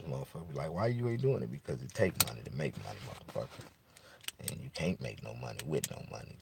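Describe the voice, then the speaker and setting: A man's voice: very deep voice, vocal fry, noisy background. A man, a barber and comedian, ranting freestyle in his car in a rambling, profane, boastful way. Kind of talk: improvised casual rant.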